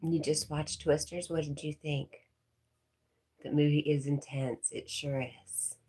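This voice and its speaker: A woman with a low, husky voice hosts a relaxed livestream. She reads viewers' comments out loud and answers them in an easy, chatty way, laughing often. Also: measured pace. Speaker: livestream host. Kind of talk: casual livestream chat.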